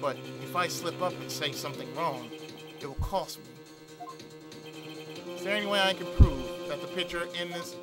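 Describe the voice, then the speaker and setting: A man's voice: high-pitched, moderate pace, pauses often. A man doing let's-play commentary, reading game dialogue and thinking aloud with jokes and self-corrections. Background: game music.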